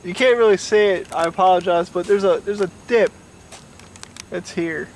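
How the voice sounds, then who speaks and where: Young man, drunk and rambling, profane; high voice, distant mic. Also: normal speed. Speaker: storyteller. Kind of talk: casual storytelling to camera. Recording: distant mic, faint noise.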